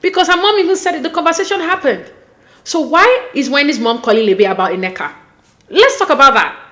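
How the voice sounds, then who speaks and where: Recapping reality TV, a Nigerian woman delivers casual commentary fast in a high-pitched voice, animated and opinionated, often sounding exasperated.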